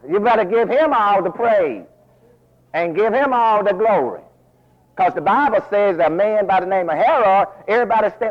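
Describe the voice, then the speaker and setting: A man preaching a folksy, animated sermon full of asides, recorded as a dull lo-fi radio broadcast. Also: high voice, normal speed, long pauses.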